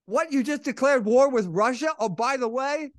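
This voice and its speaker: A man's voice: very high-pitched, moderate pace, no echo. A man speaking as co-host on a casual political talk show, emphatic and sardonic.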